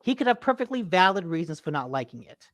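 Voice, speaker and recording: Animated, ranting woman podcast co-host. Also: on the low side, fast talker, no echo, clean studio sound. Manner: animated, ranting, swears freely. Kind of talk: casual chat.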